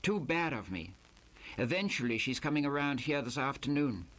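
A man's voice: mid-range voice, big pitch swings, normal speed, a bit bright. A man voicing a self-satisfied young playboy who drawls in broken English. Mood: drawling. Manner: lazy drawl.

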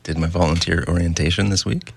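A man co-hosting a radio show, talking casually in a hesitant, halting way. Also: sits low, steady tone, gravelly, slightly rough. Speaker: radio co-host. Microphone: studio mic.

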